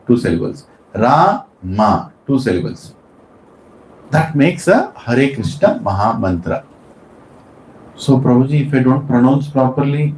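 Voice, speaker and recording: A man's voice: medium pitch, darkish tone, a little hiss or hum. A man teaching a class of devotees, quizzing them with questions and stressing his points. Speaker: spiritual teacher. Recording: echoey room.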